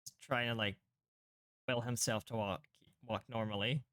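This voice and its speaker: A man's voice: medium pitch, fairly even intonation, normal speed, a bit bright, dry recording. A man playing a tabletop game, casually describing his character's actions. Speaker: player.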